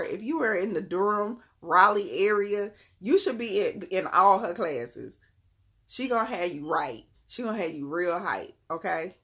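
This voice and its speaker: A woman's voice: medium pitch, fairly bright tone. A woman giving a casual tarot reading on a live stream, laid-back and slangy, calling her viewers "beloved".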